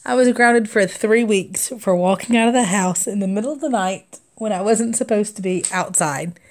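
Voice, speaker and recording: A young adult woman hosts a craft livestream, rambling casually through stories while stitching, with frequent laughter and fillers. Her voice is medium in pitch and moderate in pace.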